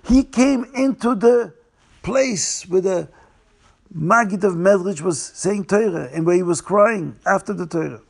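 Male storyteller, slightly higher pitch; repeats and restates, slows for dramatic beats. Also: vocal fry. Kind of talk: telling a Hasidic tale.

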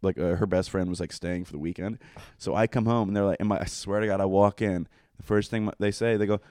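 A young man with a low-pitched voice tells a rambling story at a quick clip, peppering it with fillers and swearing. The sound is close and dry, with no room around it. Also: fairly even intonation, warm tone, no room sound. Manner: rambling, profane, full of fillers. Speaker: guest telling a story. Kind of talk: casual storytelling chat.

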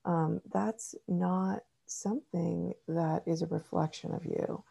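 A middle-aged woman therapist and author, answering interview questions in a measured, explanatory way with frequent ums. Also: lowish voice, steady tone, gravelly, mellow, slightly rough.

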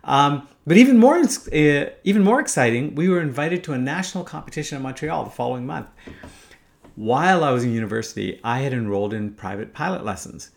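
A man's voice: mid-range voice, lively intonation, a little fast, creaky. Wry man in his fifties telling a story. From Canada. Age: 50s. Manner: wry, casual, swears freely. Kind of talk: first-person story narration.

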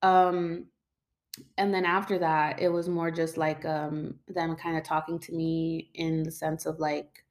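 Young woman, lowish voice, rambling casual storytelling, lots of fillers, casual swearing. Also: little pitch movement, unhurried.

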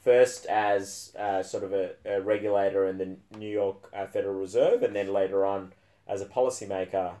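A man's voice: low voice, steady tone, normal speed, dark tone. A man co-hosting a casual book podcast, talking with frequent fillers and restarts and a dry, sarcastic edge. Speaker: podcast co-host.

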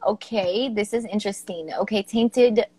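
A woman's voice: medium pitch, normal speed, mellow, breathy edge, dry recording. A woman co-hosting a poetry stream, chatting casually, swearing and laughing often, and reading poems aloud.

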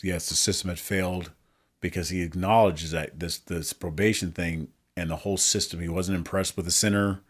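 A man's voice: deep voice, steady tone, moderate pace, husky. A man, a pastor, talking earnestly in a casual chat and adding details to a shared story. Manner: earnest, adds details, prayerful. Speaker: pastor, co-host.

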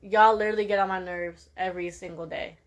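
A teenage girl giving a sassy, animated rant to her viewers, with laughing asides. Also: medium pitch, fast talker. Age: teens. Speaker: vlogger. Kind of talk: casual rant to camera.

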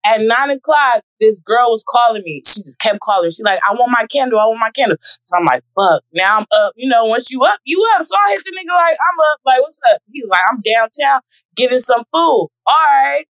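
A woman telling a dating story in a casual group chat, loud and animated, often shouting. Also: fairly high pitch, a little fast, no room sound, poor audio.

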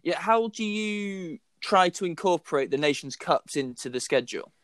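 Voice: medium pitch, expressive, normal speed, dry recording. A podcast host asking a guest long, friendly questions full of fillers. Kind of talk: interview questions.

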